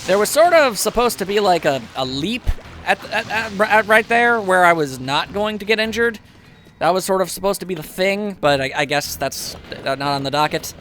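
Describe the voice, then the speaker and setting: A man talks through a video game as he plays, wry and chatty, poking fun at his own mistakes. His voice sits high and bounces around a lot, with a bright, forceful edge. Faint game music plays beneath him. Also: lively intonation, normal speed, a little hiss or hum. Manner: chatty, wry, self-mocking asides. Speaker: gameplay commentator. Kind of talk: casual let's play commentary.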